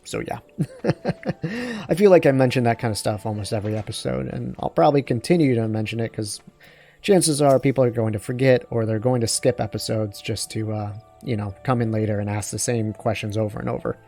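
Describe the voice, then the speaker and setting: A man in casual gameplay commentary, talking through quests in a rambling, self-deprecating way. His voice sits at a middle pitch with a mellow, warm tone. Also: a little fast, creaky, soft background music. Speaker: let's play host.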